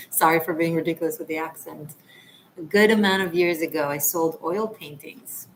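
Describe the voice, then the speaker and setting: A woman's voice: lowish voice, steady tone, moderate pace, long pauses, slight background noise, low-quality recording. A woman from Israel hosting a tarot livestream, chatting casually with viewers in a rambling, laughing way. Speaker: tarot reader and livestream host.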